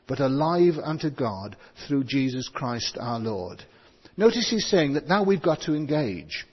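A man preaching a sermon, reading scripture and slowing down to stress key words. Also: a little high, sing-song, slightly rough. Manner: stresses words, slows for emphasis. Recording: dull sound with long hall reverb.

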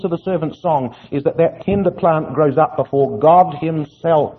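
A man's voice: a little high, normal speed, few pauses, breathy edge. A man preaching a sermon, expounding Bible verses earnestly and asking his listeners rhetorical questions. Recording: tinny phone-like audio.

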